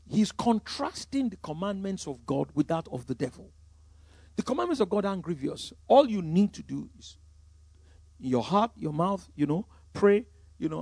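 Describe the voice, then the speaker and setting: A Nigerian man preaching a sermon as pastor, emphatic, swinging from loud declarations to quiet asides. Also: fairly high pitch, creaky, no echo, studio quality.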